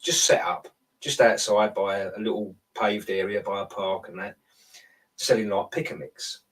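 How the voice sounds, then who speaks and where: A man recounting a dream in loose, chatty talk, stopping and restarting mid-sentence. His voice sits fairly low. He sounds set back from the microphone. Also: little pitch movement, normal speed, fairly bright tone, far from the mic, low-quality recording. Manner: rambling storyteller, self-interrupting. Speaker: guest telling a dream. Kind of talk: casual chat.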